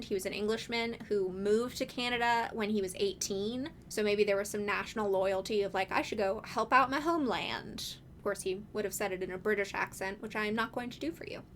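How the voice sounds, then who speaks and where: A woman's voice: medium pitch, sharp tone, a little hiss or hum. A woman hosting a casual video essay, talking in a chatty, wry way with lots of casual fillers.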